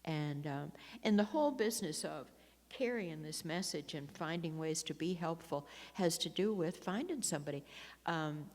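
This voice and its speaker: A woman's voice: deep voice, animated, moderate pace, darkish tone. An older woman speaking at a recovery meeting, chatty and self-mocking, with many laughs and restarts. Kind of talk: personal recovery talk. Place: meeting hall. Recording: long echo of a hall.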